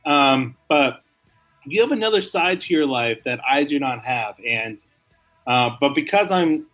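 Man co-hosting a comedy podcast, bright forceful tone, mock-serious rambling, faint music. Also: medium pitch, expressive, takes it slowly, long pauses, low-quality recording. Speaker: podcast co-host. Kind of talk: casual comedic chat.

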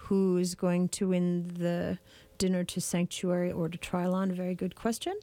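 A woman's voice: fairly low pitch, flat delivery, moderate pace, warm tone, dry recording. Chatty woman co-hosting radio in a dry studio. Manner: chatty and effusive. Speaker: radio co-host. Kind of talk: casual radio chat.

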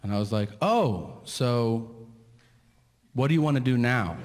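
A man doing a stand-up comedy set, telling his story in an incredulous, ranting way that climbs toward shouting. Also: mid-range voice, expressive, unhurried, pauses often. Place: large theater stage with audience. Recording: live hall with long reverb and audience noise. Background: audience laughter.

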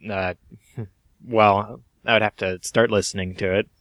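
A man co-hosting a podcast in casual chat, mild and hesitant, filling pauses with uhs and small laughs. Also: lowish voice, steady tone, fairly bright tone. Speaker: podcast co-host.

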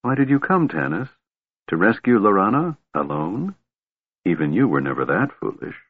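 A cunning female warlord, wry and purring with quiet menace, as a male reader puts her on. The voice sits low and moves through a lively, wide melody. It comes across dry and thin, like a phone line. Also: normal speed, no echo. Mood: whispered.

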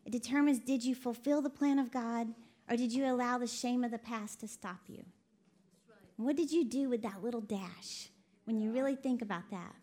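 A woman's voice: a little high, normal speed, dark tone. A woman speaking at a women's conference, chatty and jokey, laughing often before turning earnest in her sermon. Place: conference session hall.

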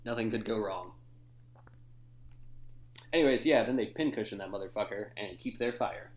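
A man's voice: on the low side, moderate pace, roomy sound, poor audio. A young man co-hosting a casual movie review podcast, who talks loosely, swears freely and laughs often. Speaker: podcast co-host.

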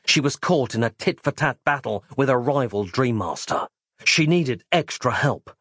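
A man giving an expressive, playful reading of a comic story, as its narrator. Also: mid-range voice, slightly rough, no echo, studio quality. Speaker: audiobook narrator.

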